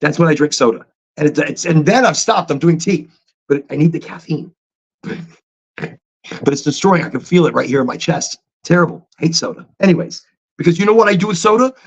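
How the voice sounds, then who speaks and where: A man hosting a casual livestream chat, talking in an animated, rambling way with chatty asides. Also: a little high, a little fast, vocal fry. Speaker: livestream host. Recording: dull lo-fi stream audio.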